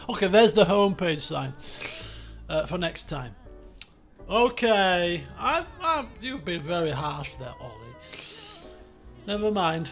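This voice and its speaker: A man streaming a geography guessing game, chatty and excitable, swearing and breaking into shouts when frustrated. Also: high-pitched, slow, pauses often, soft background music. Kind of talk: casual live-stream commentary while playing a geography guessing game.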